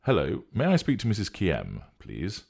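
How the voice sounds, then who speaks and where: A man's voice: deep voice, wildly swooping pitch, normal speed, vocal fry, darkish tone, breathy edge, voice pushed up, exaggerated voice. A man reading a story, voicing a worried, protective man asking earnest questions on the phone. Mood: concerned.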